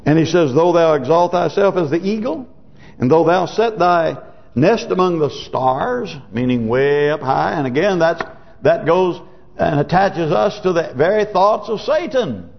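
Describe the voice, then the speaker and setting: A man's voice: fairly high pitch, lively intonation, a little slow, vocal fry. A man preaching a sermon, reading scripture in old wording and then explaining it in plain talk, rising to emphatic peaks. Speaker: pastor. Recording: dull lo-fi sermon recording.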